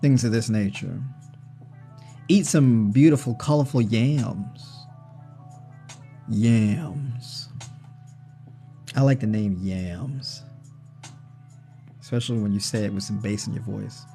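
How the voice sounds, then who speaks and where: A man's voice: lowish voice, unhurried, creaky, long pauses, dark tone, faint music behind. A man hosting a casual livestream on diet, joking and conversational, often tagging his points with "right?". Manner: joking, conversational, tags with "right?" and "you know". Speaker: livestream host. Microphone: personal mic.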